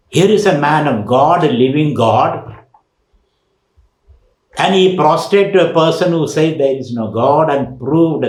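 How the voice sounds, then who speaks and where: A man's voice: on the high side, echoey room, poor audio. A man giving a spiritual lecture as a swami, teaching emphatically with rhetorical questions and recited Sanskrit verses.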